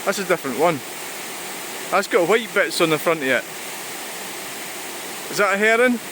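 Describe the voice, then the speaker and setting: A Scottish vlogger, his voice slightly high for a man, rambles animatedly to the camera while walking near a river and waterfall. He's casual and swears at times, and the clear rushing stream makes for a noisy background throughout.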